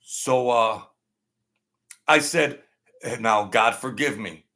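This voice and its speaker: A man's voice: medium pitch, slow pace, sharp tone. A man hosting a live talk show from a small home studio setup. He tells a rambling story, repeats himself, and thanks viewers by name.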